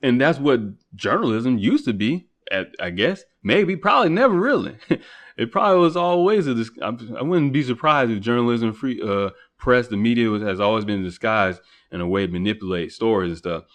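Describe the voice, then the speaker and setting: This solo podcast host talks a little fast in a medium-pitched, somewhat bright and animated voice, recorded through a computer setup. His profane, rambling rant grows louder as he heats up.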